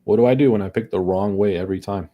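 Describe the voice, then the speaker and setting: A young man with a fairly low voice talks through his trades live, and he keeps muttering and swearing about picking the wrong way. He sounds worn down and exasperated as the losses pile up. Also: quick pace, dull audio. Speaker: day trader streaming live. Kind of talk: frustrated live commentary.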